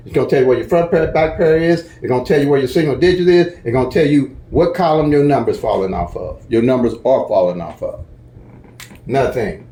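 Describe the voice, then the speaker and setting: Folksy aave-speaking guy walking you through lottery picks, mellow low tone, kinda echoey room, keeps saying okay?. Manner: folksy, chatty, repeats "okay?" to check in. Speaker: lottery strategy teacher. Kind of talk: casual tutorial walkthrough.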